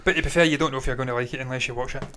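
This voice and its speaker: A man's voice: medium pitch, fairly even intonation, very fast, bright, forceful tone, slight background noise. A man co-hosting a casual film review, swearing freely and laughing often as he rambles. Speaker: podcast co-host.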